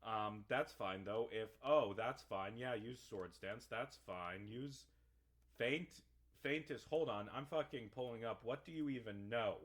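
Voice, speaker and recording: A tired man talking casually and rambling while he plays through a video game, turning animated and emphatic when he rants. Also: mid-range voice, unhurried. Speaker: gaming vlogger. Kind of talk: casual let's-play commentary.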